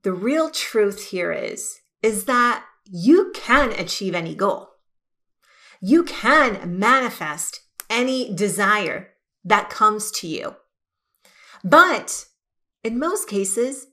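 A woman hosting a podcast, giving an energetic, emphatic motivational talk and stretching key words for effect. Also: fairly high pitch. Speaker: podcast host.

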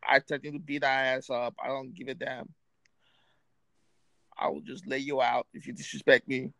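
A man hosting a podcast, telling a story casually in streetwise slang, animated, raising his voice for quoted friends. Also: medium pitch, moderate pace, gravelly, no echo, low-quality recording. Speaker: podcast host.

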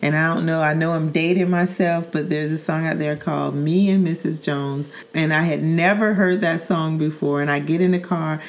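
A middle-aged woman from Saint Louis with a low voice tells a story from her own life on a podcast. She speaks earnestly and vividly, often repeating words and using fillers like "um" and "like" as she goes. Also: fairly even intonation, normal speed, hardly any pauses. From Saint Louis, Missouri. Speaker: podcast host. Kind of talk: personal storytelling in casual chat.

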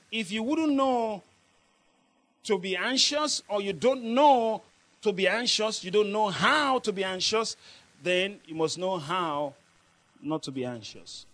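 A man preaching a sermon, laughing often and calling on his congregation to answer back. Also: high voice. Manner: lively, laughing often, call-and-response with the congregation.

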